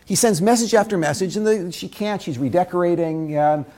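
A man teaching a Torah lesson through a dramatic story, swinging between loud bursts and hushed asides. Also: sits high, a little fast.

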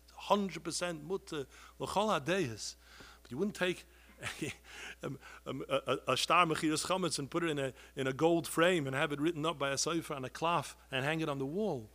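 Preacher guy, high bright voice, passionate, keeps pleading, everywhere. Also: moderate pace. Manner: pleading, rises to loud outbursts, heavy Yiddish and Hebrew terms. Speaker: rabbi giving a talk. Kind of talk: impassioned sermon.

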